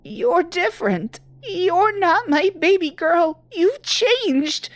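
A woman's voice: high voice, sing-song, slow pace, darkish tone, no room sound, voice pushed up, exaggerated voice. A woman playing a trembling, frightened old mother. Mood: terrified. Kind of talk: horror story narration.

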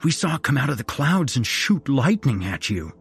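Man voicing a crude young dude, foul-mouthed, slangy, high and loud. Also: very animated, normal speed, soft background music. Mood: urgent. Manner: slangy and profane.

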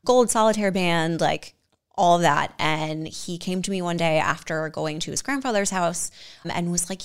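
A woman's voice: lowish voice, normal speed, smooth. A young woman telling a story in casual chat, full of "like" and acting out what others said. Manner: chatty, lots of "like", acts out quotes in whispers. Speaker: guest.

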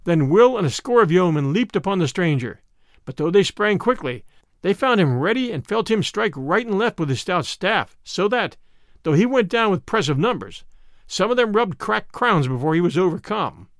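A man narrating an old-fashioned adventure story in an expressive storytelling manner. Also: sits high, normal speed, no echo, studio quality.

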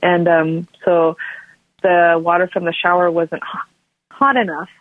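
A woman's voice: fairly low pitch, flat delivery, measured pace, no room sound. A woman telling a personal story as an interview guest, rambling with frequent restarts and filler words. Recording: tinny phone line, dry.

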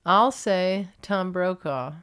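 A woman co-host with a clear, smooth voice, talking casually and slipping in dry, teasing jokes. Her delivery stays understated and deadpan. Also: on the low side, takes it slowly. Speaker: podcast co-host. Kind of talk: casual chat.

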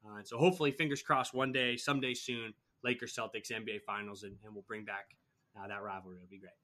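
Man, podcast host, bright voice, casual filler-heavy chat. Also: fairly low pitch, fairly even intonation, fast talker. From Boston area. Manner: loose, filler-heavy, trails off softly. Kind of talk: scripted intro then casual interview chat.

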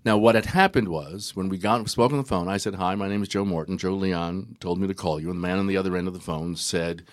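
In a relaxed interview, an older male guest actor recounts stories in a low-pitched voice. His pace is unhurried and thoughtful, and ums and uhs come up often.

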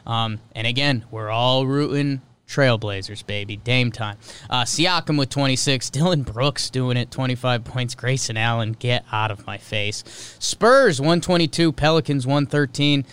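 A man hosting a casual sports podcast, reading off game scores in quick, clipped bursts with loose, offhand commentary in between. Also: mid-range voice, a bit bright, smooth. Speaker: podcast host.

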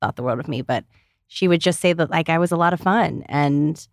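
A woman's voice: deep voice, fairly quick, dry recording, studio quality. A woman in her thirties from Ohio, chatting as a podcast guest in a bubbly way, full of "like" fillers. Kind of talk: casual chat.

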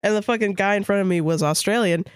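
A woman's voice: mid-range voice, quick pace, no echo, studio quality. A woman co-hosting a casual podcast, blunt and heavy on swearing as she tells stories. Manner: blunt, swears a lot, storytelling. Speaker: podcast co-host. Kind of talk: casual profane chat.

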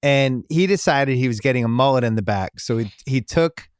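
A man's voice: medium pitch, lively intonation, moderate pace, clean tone, no room sound. Middle-aged man telling a family story. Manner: rambling anecdote, laughing at his own jokes. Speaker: podcast host. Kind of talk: casual storytelling chat.

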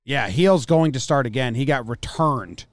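A man's voice: mid-range voice, expressive, moderate pace, no room sound. A man co-hosting a casual sports podcast, teasing his partner and citing stats in a dry way. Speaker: podcast co-host.

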